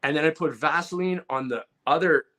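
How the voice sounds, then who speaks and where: A man co-hosting a comedy podcast, telling a story in a casual, animated way and acting out loud outbursts. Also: a little high, a little fast. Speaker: podcast co-host.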